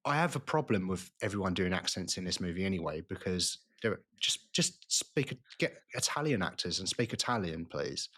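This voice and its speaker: A man's voice: deep voice, big pitch swings, pushed and bright. A man co-hosting a film podcast, chatting casually with frequent restarts. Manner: rambling, halting restarts. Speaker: podcast co-host. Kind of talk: casual film review chat.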